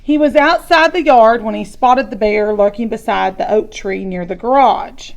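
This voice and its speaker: A woman's voice: a little high, normal speed, vocal fry. A woman reading a chapter book aloud to children, adding chatty asides. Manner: chatty asides between story passages.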